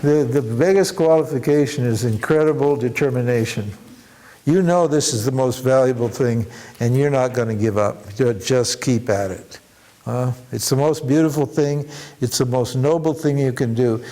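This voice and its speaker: A man's voice: mid-range voice, moderate pace, dark tone. A man teaching a workshop on devotion, with chuckling asides and frequent rhetorical "huh?" as he tells stories. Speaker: spiritual teacher.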